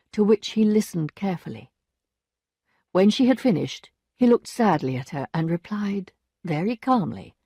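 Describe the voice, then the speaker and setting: A woman reading a classic novel aloud for language learners, clear and measured. Her voice moves expressively up and down, and it is close and dry with no room sound. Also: medium pitch, mellow, dry recording. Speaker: narrator. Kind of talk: scripted storybook narration for learners.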